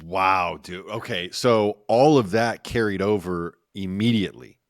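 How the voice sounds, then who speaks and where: Low-voiced host, laughing along. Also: male voice, unhurried, no room sound, studio quality. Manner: laughs often, short reactive remarks. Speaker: podcast host. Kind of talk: casual interview chat.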